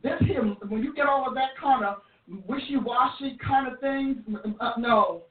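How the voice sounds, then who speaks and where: A woman's voice: sits high, measured pace. A woman preacher teaching a sermon in an emphatic manner, with frequent restarts. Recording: roomy, distant, phone-like audio.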